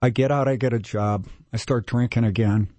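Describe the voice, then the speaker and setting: A man's voice: medium pitch, fairly even intonation, a little fast, mellow, no echo. Man in his sixties from Minnesota, guest storyteller, candid and self-mocking, dry close sound. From Minnesota, USA. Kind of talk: casual storytelling.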